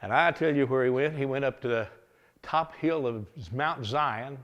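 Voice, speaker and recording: A man preaching a revival sermon, telling a Bible story in a folksy, animated way, often chuckling. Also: mid-range voice, moderate pace, muffled recording.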